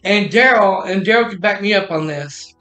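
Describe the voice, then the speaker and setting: Male streamer, high bright voice, rambling casual storyteller, echoey room with faint music. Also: normal speed. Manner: rambling, many restarts and retold dialogue.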